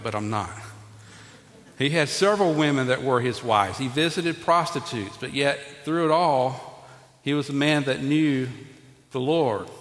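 A man's voice: medium pitch, fairly bright tone. Male pastor, conversational sermon with asides to the congregation, stumbling restarts, roomy hall sound. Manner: repeats and restarts words often. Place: church sanctuary. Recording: echoey hall with long reverb.

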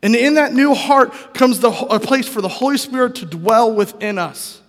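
A man's voice: extremely high pitch, normal speed. A man preaching a sermon in a casual, conversational way, often asking the congregation questions. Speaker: pastor. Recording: long reverb of a large hall.

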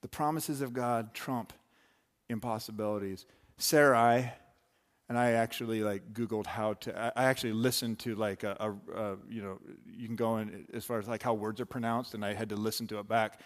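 A man's voice: lowish voice, steady tone, normal speed. A man preaching a sermon in a loose, conversational way, full of asides and restarts. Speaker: pastor.

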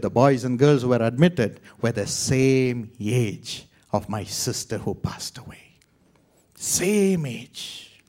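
Slow, dramatic male preacher from India. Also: medium pitch. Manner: dramatic storytelling, swings from loud exclamations to hushed whispers. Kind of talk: sermon testimony.

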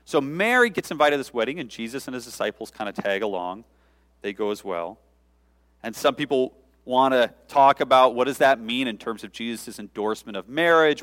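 A male pastor delivering a sermon in a casual, conversational manner, stepping aside often to explain. His pitch sits in the middle but swings animatedly from phrase to phrase. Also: fairly bright tone. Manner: conversational, informal preaching with asides.

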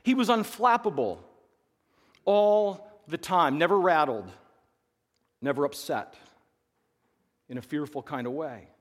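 A man preaching a sermon earnestly, swinging between emphatic passages and hushed, quiet ones. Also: fairly high pitch, animated, a little slow, long pauses, in a large hall. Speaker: pastor.

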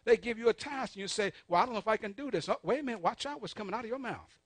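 A man preaching a sermon, calling on the congregation to answer back, swinging between soft asides and loud emphatic peaks. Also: high voice, lively intonation, racing, dry recording. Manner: call-and-response preaching, urging the congregation. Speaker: pastor.

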